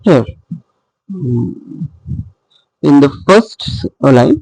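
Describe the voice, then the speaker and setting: A male literature teacher talks through a recorded lesson in a slow, patient way, often pausing to check in. His voice has a gravelly edge and swings widely in pitch as he stresses syllables, and the sound is close and dry. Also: big pitch swings, dark tone, dry recording, rough recording. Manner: patient, repeats points and checks in with "okay". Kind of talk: recorded lecture explaining poetic meter.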